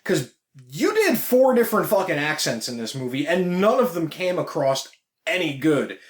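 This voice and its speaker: Brief: man with a fairly high voice, blunt, profane, enthusiastic vlog review, echoey room. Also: big pitch swings, moderate pace. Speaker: vlogger reviewing a film. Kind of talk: casual opinionated review.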